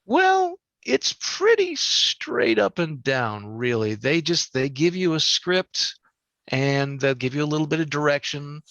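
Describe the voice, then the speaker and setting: Animated, gravelly voice actor. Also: medium pitch, no room sound, lo-fi sound. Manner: animated, halting, with many restarts. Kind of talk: casual interview recollection.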